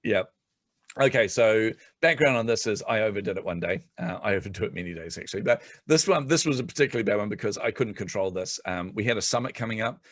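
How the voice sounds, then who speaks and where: A middle-aged man chatting on a podcast as a guest, telling animated stories and laughing often. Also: fairly low pitch, fast, no room sound. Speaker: guest entrepreneur. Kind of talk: casual podcast chat.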